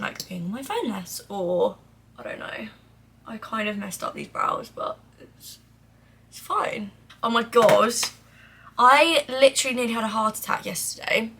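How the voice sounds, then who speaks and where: A young beauty vlogger chats casually during a get-ready-with-me video, rambling with plenty of "like" and some swearing, and dropping to a mutter as she applies makeup. Her voice is mid-range, creaky, sharp and slightly rough.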